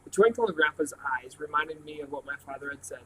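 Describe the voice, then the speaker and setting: A man reading a novel aloud, telling the story in a plain, steady way with a few small slips. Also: a little high, fast, slight background noise, rough recording. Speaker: reader.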